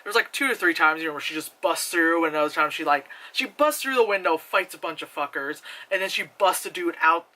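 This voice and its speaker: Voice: medium pitch, animated, fairly quick, few pauses, pushed and bright. A movie reviewer talking through a film in a casual, rambling way, full of fillers, swearing and sudden exaggerated voice impressions.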